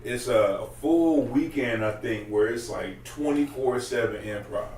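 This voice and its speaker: A man's voice: medium pitch, a little slow, darkish tone, far from the mic. A man chatting casually in a loose, profane, rambling way. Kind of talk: casual podcast chat. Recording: roomy, off-mic, faint room noise.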